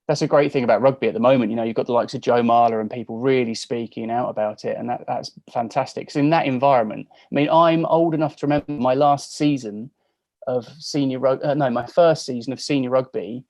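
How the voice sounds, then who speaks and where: A man's voice: mid-range voice, fast talker, darkish tone, dry recording. Chatty man on a call, dry sound. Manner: chatty, self-mocking storyteller. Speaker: podcast guest. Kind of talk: casual chat.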